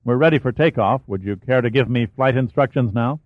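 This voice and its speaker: A man reading an audiobook, voicing a brisk, matter-of-fact male pilot. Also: mid-range voice, dry recording, natural voice. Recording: dry, phone-like narrow sound.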